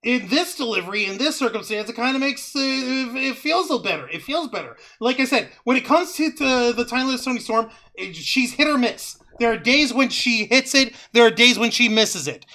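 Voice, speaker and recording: A man co-hosting a wrestling review podcast, ranting loudly with plenty of profanity. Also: very high voice, lively intonation, fairly quick, hardly any pauses. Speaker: co-host. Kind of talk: casual wrestling review chat.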